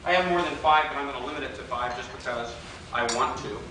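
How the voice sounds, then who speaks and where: A man with a medium-pitched voice speaks fast at a political persuasion workshop in a hotel function room with a live audience, joking, teasing, and acting out quoted voices in his anecdotes. It's recorded from a distance in an echoey hall with faint hiss.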